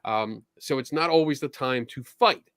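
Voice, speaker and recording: A podcast host with a medium-pitched, slightly bright male voice chats casually at a normal pace, telling stories in an easygoing way and acting out quoted exchanges. The studio-quality recording has no echo.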